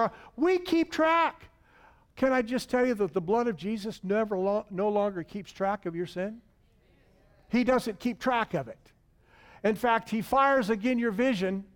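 High-voiced preaching man, dramatic swings. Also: fairly bright tone, smooth. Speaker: pastor. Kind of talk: sermon.

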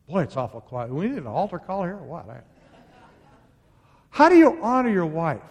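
A middle-aged man preaching as a pastor, swinging between loud exhortation and quiet, intimate asides. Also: on the high side, vocal fry. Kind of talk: sermon.

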